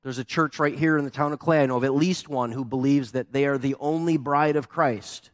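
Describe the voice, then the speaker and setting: A man preaching a sermon, telling his stories with animated, acted-out quotes. His voice sits at an ordinary pitch and sounds dry and close, with no room around it. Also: brisk, no room sound. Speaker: pastor.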